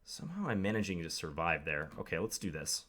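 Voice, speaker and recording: Man, young adult, very low voice, wry, thinking aloud, live commentary. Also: big pitch swings, fairly quick, fairly bright tone. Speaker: chess commentator.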